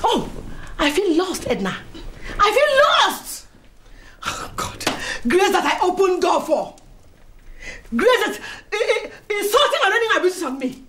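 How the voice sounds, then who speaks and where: A woman with a Nigerian accent playing a proud, furious senior woman of a ladies' club, ranting and shouting with scornful laughs in a film drama. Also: very high voice, very animated, unhurried, slight background noise, full character voice. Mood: raging. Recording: echoey room with music underneath.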